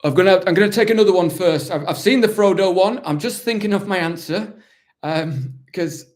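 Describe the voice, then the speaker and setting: A man's voice: high voice, brisk, natural voice. A man doing an impression of a proud, weary warrior-captain, talking in a rambling, self-justifying, dryly mock-solemn way during a live question session. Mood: chatty. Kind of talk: live-stream in-character Q&A.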